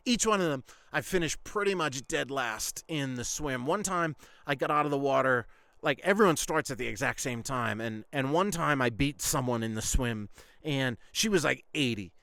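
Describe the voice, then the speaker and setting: A man's voice: medium pitch, lively intonation, moderate pace, vocal fry, sharp tone, no echo. A man hosting a podcast, telling a story in a rambling, casual way, full of "like" and frequent swearing. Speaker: podcast host.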